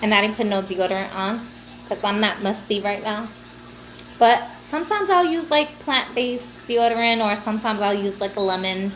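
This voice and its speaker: A woman's voice: medium pitch, lively intonation, moderate pace, a bit bright. A woman hosting a livestream in casual, profane, laughing talk aimed at her viewers. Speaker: livestream host.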